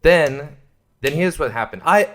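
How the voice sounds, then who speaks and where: Aussie guy ranting and swearing on his podcast, kinda high voice. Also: lively intonation, measured pace, fairly bright tone. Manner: profane, ranting, mocking put-on voices. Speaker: podcast host. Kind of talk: angry comedic rant.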